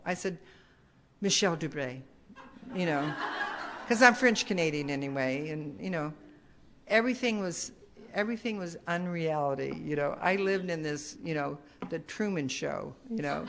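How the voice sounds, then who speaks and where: A woman's voice: lowish voice, normal speed. Older woman telling her story, rambling. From United States. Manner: rambling, restarts often, many "you know"s. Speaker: recovery meeting speaker. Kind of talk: personal testimony talk. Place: meeting hall.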